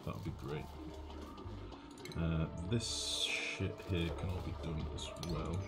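A man's voice: a bass voice, fairly even intonation, slow pace, over loud music. A man from northwest England with a generic northern English accent, chatting casually and rambling as he streams a game and answers chat, swearing now and then. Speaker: gaming streamer. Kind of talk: casual gameplay commentary, reading chat.

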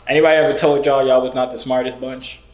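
A man's voice: medium pitch, level tone, fast talker, reverberant, very noisy. A young man vlogging, teasing strangers on a video call with a playful, mock-serious manner. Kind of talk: prank video-call chat.

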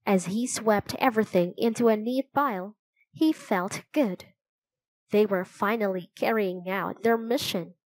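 A woman reading a children's chapter book aloud, telling it slowly and clearly. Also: medium pitch, dry recording, poor audio. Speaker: storybook narrator.

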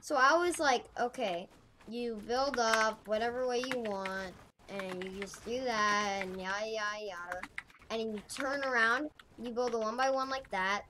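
Speaking at normal speed in a fairly high voice, a gaming channel host leads a casual gameplay tutorial. She thinks aloud and rambles, correcting herself along the way, and the recording is noisy with keyboard clicks.

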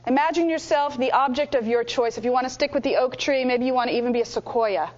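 High-voiced woman coaching a workshop. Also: fast. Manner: energetic, coaching, demonstrates with exaggerated voices. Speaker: workshop instructor. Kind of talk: lively teaching workshop. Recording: dull lo-fi room recording.

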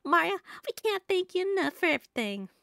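A woman's voice: extremely high pitch, sing-song, moderate pace, a bit bright, dry recording, studio quality, voice pushed up, exaggerated voice. A woman voicing a fussing, worried miner mother from a game. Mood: fretful. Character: fretful, doting miner mother. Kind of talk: reading game dialogue aloud.

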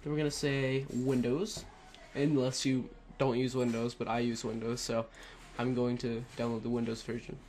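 A man's voice: mid-range voice, flat delivery, normal speed, hardly any pauses, darkish tone. Rambling man narrating a screen tutorial. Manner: rambling, many fillers and self-corrections. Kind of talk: casual screen-recorded tutorial. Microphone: headset.

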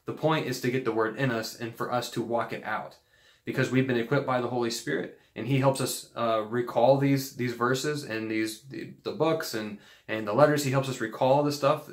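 A man's voice: medium pitch, fairly even intonation, moderate pace, echoey room. A man giving an earnest, casual teaching talk on faith, rambling a bit with fillers and restarts. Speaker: Christian video host.

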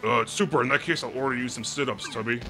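A man voicing a gruff, bossy turtle king villain from a video game, sarcastic and blustering, over faint game music. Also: medium pitch, quick pace, bright, forceful tone, lightly acted.

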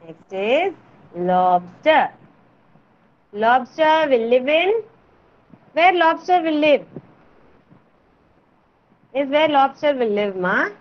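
A woman teaching letter sounds to small children in an online class, slow and coaxing, repeating words for them. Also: sits high, big pitch swings. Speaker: kindergarten teacher. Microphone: video call. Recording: dull lo-fi video call audio.

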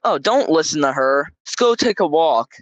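A man's voice: on the high side, expressive, moderate pace, dry recording, lightly acted. A young man voicing his easygoing grandmother, who reassures him in a casual way. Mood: reassuring.

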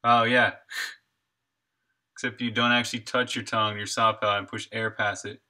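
Bright-voiced man thinking aloud on stream. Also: on the low side, little pitch movement, normal speed. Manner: thinks aloud, answers chat, chuckles often. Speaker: indie game developer streaming. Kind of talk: casual live-stream chat while working.

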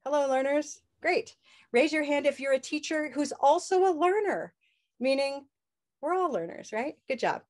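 Woman teacher, fairly high voice, upbeat, leads chants, video call. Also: animated, normal speed. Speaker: English pronunciation teacher. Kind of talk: live online class with chants.

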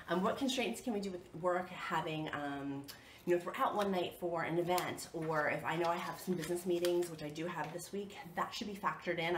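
A woman's voice: fairly low pitch, echoey room, a little hiss or hum. A young woman with a slightly nasal, sniffly voice, chatting casually through a home kitchen vlog with lots of ums. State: coming down with a cold. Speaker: vlogger.

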